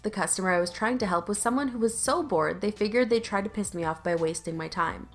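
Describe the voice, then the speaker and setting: A woman's voice: medium pitch, quick pace, soft background music. A woman narrating online stories aloud in a conversational, lightly sarcastic reading style, with casual asides. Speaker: YouTube story narrator.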